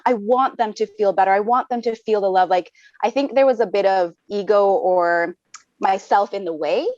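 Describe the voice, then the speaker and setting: A woman's voice: mid-range voice, moderate pace, darkish tone, no room sound, muffled recording. A woman, a mother of three, telling a personal story on a webinar, earnest and often saying "like.". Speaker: webinar guest. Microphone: video call.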